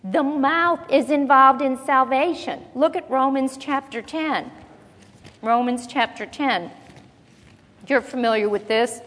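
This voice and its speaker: A woman preaching a sermon, talking with the congregation and asking them questions, and slowing down to read scripture aloud. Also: fairly high pitch, long reverb tail. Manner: conversational, asks the congregation questions. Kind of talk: sermon Bible teaching.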